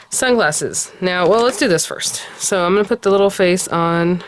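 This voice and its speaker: A woman's voice: on the low side, normal speed, a little hiss or hum. Chatty woman gushing over crafts. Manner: chatty and gushing, often softly cooing over cute details. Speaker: card-making tutorial host. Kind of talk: casual crafting tutorial talk.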